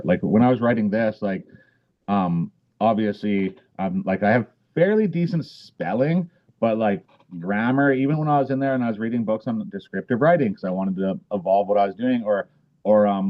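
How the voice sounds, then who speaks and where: A man's voice: on the low side, lo-fi sound. A man guest in a casual interview, talking in a rambling way with many fillers and restarts. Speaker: podcast guest, author.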